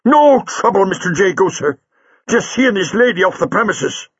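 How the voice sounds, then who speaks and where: A gruff, suspicious stage doorman, barking at intruders and going meek before his employer, as a male narrator puts him on. His voice sits somewhat higher than the narrator's own, with a dry, slightly muffled sound. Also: expressive, normal speed, a bit bright, no room sound, full character voice. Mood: deferential.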